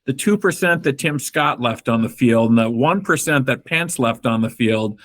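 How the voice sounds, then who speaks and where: Guest guy chatting politics, mid-pitch voice, dry sarcastic. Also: expressive, normal speed, hardly any pauses, a bit bright. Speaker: guest commentator. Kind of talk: casual political chat.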